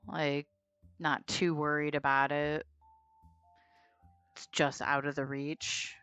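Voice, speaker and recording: A woman playing a tabletop game, speaking haltingly with many hesitations. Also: sits low, flat delivery, fairly bright tone, clean tone, no echo, soft background music. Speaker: player. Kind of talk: tabletop role-play chat.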